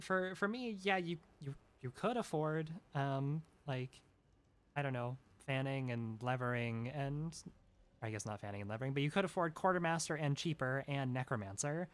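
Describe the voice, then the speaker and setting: A woman streaming a game, chatting casually with many restarts and frequent giggles. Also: rumbling low. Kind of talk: casual gameplay commentary.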